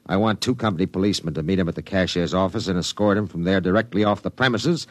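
An actor playing a domineering, ruthless business tycoon in a 1950s radio drama, giving curt, clipped orders. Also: male voice, deep voice, quick pace, close to an everyday voice. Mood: commanding.

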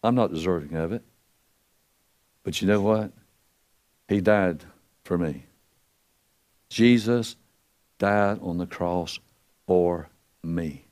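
An older man preaching a sermon in a folksy, storytelling way, acting out the quotes he tells with wide swings in pitch and loudness. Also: slow, long pauses.

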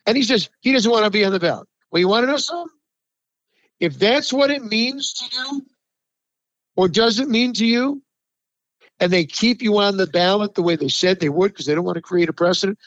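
A man from the New York area co-hosts a sports talk show, ranting hard and swearing freely. His voice sits high for a man. The recording is dry and a little muffled. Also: animated, normal speed, a bit bright, no room sound. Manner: ranting, profane, emphatic, heated. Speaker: sports talk podcast co-host. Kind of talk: heated sports talk chat.

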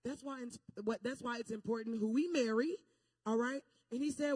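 A young woman telling a personal testimony as a sermon, talking straight to her listeners and building to loud, fervent preaching. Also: fairly high pitch, normal speed, slightly rough, no echo, studio quality. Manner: animated, repeats "okay?" and "y'all" to the listeners.

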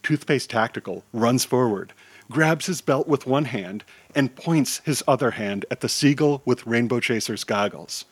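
A man tells a children's superhero story with animated, theatrical energy, his pitch in an ordinary middle range. The recording is dry and close, with no room sound around him. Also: measured pace, husky, dry recording. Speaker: storyteller and podcast host. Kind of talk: children's audio story narration.

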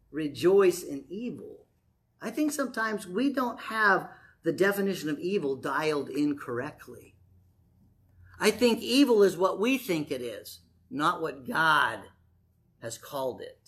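A man's voice: sits high, very animated, a little slow, a bit bright. A man preaching a conversational sermon to his congregation, telling stories and acting out quoted voices.

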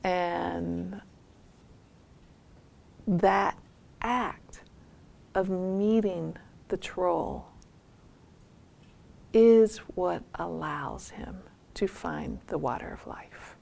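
A woman teacher unfolds a folk tale at an unhurried pace, her voice carrying a gravelly edge. She is reflective, and her quieter moments sink almost to a whisper. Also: on the low side. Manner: reflective storytelling, drops to soft near-whispers. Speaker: meditation teacher. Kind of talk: dharma talk retelling a folk tale.

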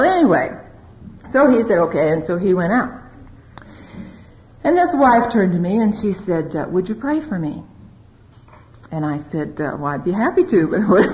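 Lively woman giving a marriage talk. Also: fairly low pitch. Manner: lively, confiding, quotes dialogue. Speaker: speaker on marriage. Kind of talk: talk to a live audience. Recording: dull lo-fi recording.

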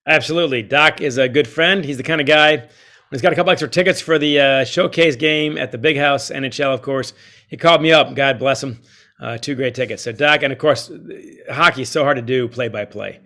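Male guest, author and ex-coach, animated storyteller, swings between loud and soft. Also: mid-range voice, brisk. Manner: animated, quotes others, shifts loud and soft. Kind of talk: storytelling interview answer.

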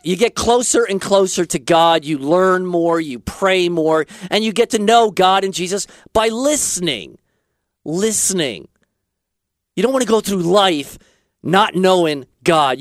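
A man's voice: sits high, no room sound, clean studio sound. A man hosting a talk show in casual chat, rambling and joking, drifting into preachy asides.

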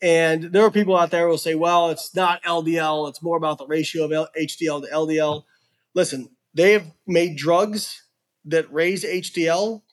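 An animated podcast guest, a man whose voice sits a little higher than most. He talks frankly and earnestly, peppering his stories and explanations with "like" and "you know.". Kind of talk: casual storytelling and explaining research.

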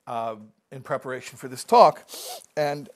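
A man's voice: medium pitch, normal speed. A man giving a live talk, telling jokes and acting out the characters, often restarting and repeating words. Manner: animated joke-telling, acts out characters.

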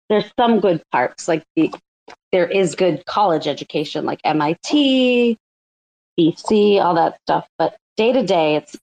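A woman's voice: fairly low pitch, darkish tone, highs cut off. A woman co-hosting an online audio chat, talking casually and rambling, laughing often. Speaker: co-host. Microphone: online audio call.

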